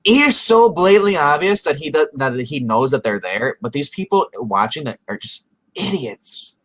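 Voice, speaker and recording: A man's voice: a little high, big pitch swings, normal speed, fairly bright tone, low-quality recording. Rambling man recapping a show. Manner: rambling, retells scenes in quoted asides. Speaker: podcast co-host. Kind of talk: casual recap chat.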